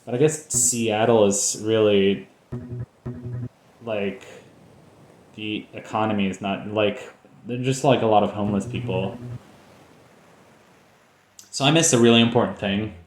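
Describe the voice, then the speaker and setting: A man's voice: fairly low pitch, fairly even intonation, measured pace, pauses often, roomy sound. A man hosting a let's play, chatting in a rambling, joking way full of fillers. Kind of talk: casual gameplay commentary.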